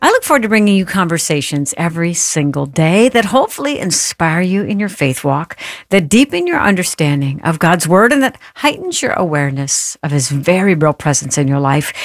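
A radio host with a low, sing-song voice shares a personal story on her faith talk show, earnestly and heartfelt, addressing listeners directly to encourage them. She speaks a little fast, in clean studio quality with no echo.

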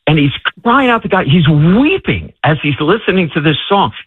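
A man, an author and guest, telling stories in an animated way and acting out the voices of people he quotes. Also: fairly high pitch, normal speed, breathy edge, dry recording. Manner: excitable, acts out quoted voices. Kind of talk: animated storytelling. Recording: tinny phone-like line, dry.

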